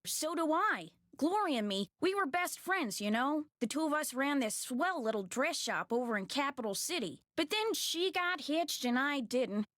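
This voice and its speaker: A folksy female innkeeper for a video game, chatty and full of old-time slang. Her nasal voice sits high and swoops around. The recording is dry and close. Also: animated, normal speed, few pauses, fairly bright tone, no echo. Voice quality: nasal, odd old-fashioned accent. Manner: folksy, talkative, period slang.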